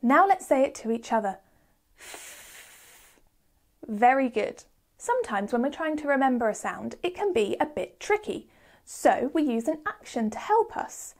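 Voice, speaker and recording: A woman teaching a children's phonics lesson in a slow, encouraging, sing-song teacher voice. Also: high voice, sing-song.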